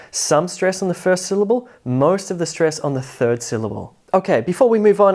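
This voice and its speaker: A male pronunciation teacher who drills words slowly and repeats them to show the stress. Between the drills he chats casually and drops wry little asides. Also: fairly high pitch, darkish tone. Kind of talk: online pronunciation lesson.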